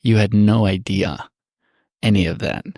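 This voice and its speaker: A man co-hosting a podcast, listening with quiet murmurs and setting up questions. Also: lowish voice, no room sound, clean studio sound. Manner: quiet reactive murmurs, then quick setup questions. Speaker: podcast co-host. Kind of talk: interviewing, reacting.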